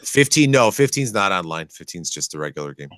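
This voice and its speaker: A man co-hosting a podcast, talking casually and excitedly about video games in a rambling way. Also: low-pitched, a little fast, dry recording. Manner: excitable, rambling gamer talk. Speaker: podcast co-host. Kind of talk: casual chat.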